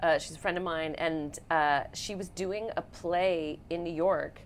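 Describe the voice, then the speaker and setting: A woman's voice: on the low side, steady tone, unhurried, slight background noise. A woman in her forties, a comedy actress, telling stories with animation in a casual interview.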